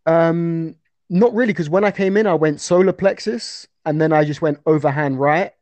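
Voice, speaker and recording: Young man, animated storyteller, slightly high voice, dry close sound. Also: normal speed, no room sound. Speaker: guest fighter. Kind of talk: casual podcast chat.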